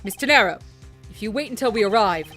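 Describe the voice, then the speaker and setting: A courteous, proper flight attendant in a game, as a woman voices her, formal and attentive. The voice sits bright and lively, a bit high, with light music underneath. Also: quick pace, natural voice. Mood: polite. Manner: polite, formal.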